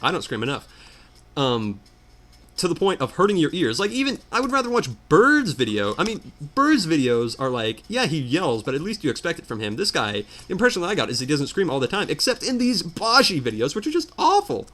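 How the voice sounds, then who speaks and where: A man's voice: fairly high pitch, wildly swooping pitch, fairly quick, a bit bright. A man ranting in exasperated commentary while playing a video game. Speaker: let's player. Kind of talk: ranting commentary over gameplay.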